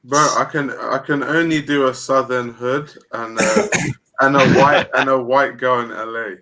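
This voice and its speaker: A man's voice: medium pitch, steady tone, unhurried, sharp tone, rough recording. A young man from England chatting casually with friends on a stream, laid-back and saying "bro" a lot. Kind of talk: casual group chat.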